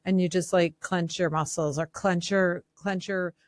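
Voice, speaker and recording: A woman with a Massachusetts accent co-hosting a casual podcast, wry and teasing with quick jokes. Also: lowish voice, steady tone, no echo, studio quality. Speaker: podcast co-host. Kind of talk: casual chat.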